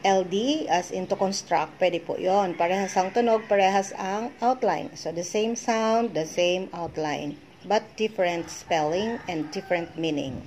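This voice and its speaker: A middle-aged woman with a Filipino accent, teaching a shorthand lesson and deliberately spelling out letters one by one. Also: on the low side, a little mellow, slight background noise. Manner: slow, deliberate spelling out of letters with code-switching. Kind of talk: instructional lesson.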